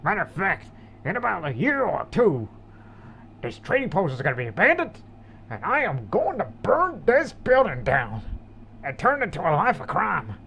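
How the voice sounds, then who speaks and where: A man voicing a gruff old frontier trading-post keeper who is grumpy and threatening, in a high, gravelly voice. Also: wildly swooping pitch, moderate pace, bright, forceful tone, a little hiss or hum, exaggerated voice.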